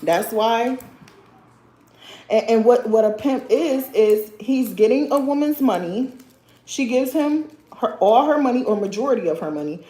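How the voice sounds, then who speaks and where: A woman's voice: a little high, animated, unhurried, warm tone. A young woman hosting a casual livestream chat. She talks bluntly and with sass, often calls her viewers sir or girl, and laughs a lot. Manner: laughs often while talking. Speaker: livestream host. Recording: roomy echo.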